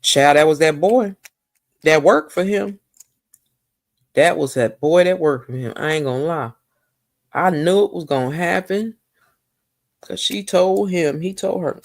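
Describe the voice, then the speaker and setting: A woman recapping a TV episode in a chatty, gossipy way, talking straight to her viewers. Her voice is gravelly with a lot of fry, and her pitch swoops up and down. She stays animated and opinionated throughout. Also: unhurried, pauses often, no echo, studio quality. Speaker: TV recap vlogger.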